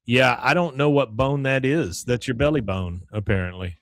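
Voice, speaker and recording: A man hosting a podcast, recapping a cartoon episode in a relaxed chat and dipping into quick character voices. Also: medium pitch, no room sound, studio quality. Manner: retells scenes with quick character voices, chuckling. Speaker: podcast host.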